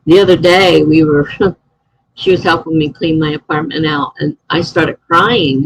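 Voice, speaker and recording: A woman's voice: low voice, fairly even intonation, normal speed, vocal fry, breathy edge, dry recording, low-quality recording. A middle-aged woman chatting casually on a live stream, answering chat messages and laughing often.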